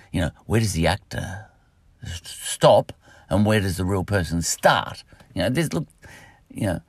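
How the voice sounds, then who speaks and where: A man's voice: on the low side, vocal fry, dry recording. A man with an Australian accent, rambling through a solo podcast monologue, full of fillers and asides. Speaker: podcast host.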